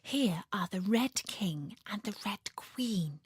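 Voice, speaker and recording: A woman voicing Alice, a curious, kindly young girl who speaks gently and often in a hush. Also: on the high side, very animated, slow pace, no room sound, studio quality, full character voice. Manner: gentle, often hushed and whispery.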